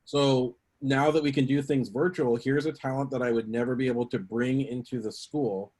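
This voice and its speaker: A man's voice: mid-range voice, steady tone, moderate pace, a little mellow. Chatty man telling a story. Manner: chatty, acts out quotes with a lifted voice. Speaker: panelist. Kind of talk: casual storytelling.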